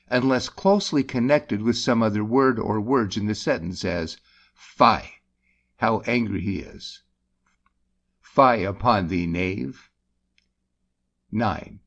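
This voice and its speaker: A man reading a grammar book aloud in a measured, deliberate way, lifting his voice on the example exclamations. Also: mid-range voice, muffled recording. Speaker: audiobook reader.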